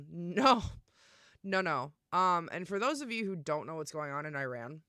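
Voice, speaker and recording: A young woman streamer talking casually and emphatically, swearing often and filling pauses with "um" and "like". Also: on the low side, animated, sharp tone, no echo, studio quality. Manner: emphatic and profane, with many fillers. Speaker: live streamer. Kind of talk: casual live-stream rant.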